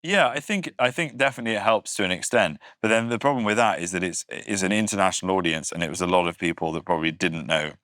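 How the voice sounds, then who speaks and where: An English man with a low, deep voice chats as a podcast guest. He is wry and self-deprecating and laughs often. The sound is dry and close, with no room echo. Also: fast, hardly any pauses, fairly bright tone. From Britain. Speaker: guest comedian. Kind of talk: casual podcast chat.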